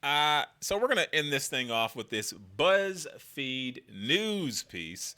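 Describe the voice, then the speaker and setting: A man's voice: mid-range voice, big pitch swings, slow, sharp tone. A man giving casual political commentary in a slangy, conversational way, riffing loosely as he goes.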